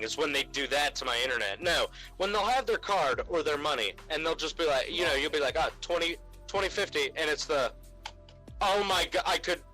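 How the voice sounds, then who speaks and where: A young male podcast co-host, his voice slightly high, pushed and bright, rants casually about customers at his job. He sounds exasperated and does mocking voices for them, and his remote call mic gives a low-quality recording.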